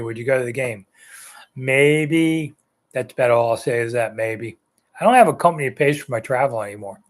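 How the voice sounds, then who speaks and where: A man in his sixties hosting a live sports chat, answering viewer comments in a loose, rambling way. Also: mid-range voice. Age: 60s. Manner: rambling, conversational, with frequent ums and uhs. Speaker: sports talk host.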